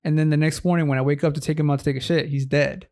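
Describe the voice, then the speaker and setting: A man's voice: fairly high pitch, little pitch movement, racing, a little mellow. Swearing young man rambling through a story. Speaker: podcast co-host. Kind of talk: casual chat.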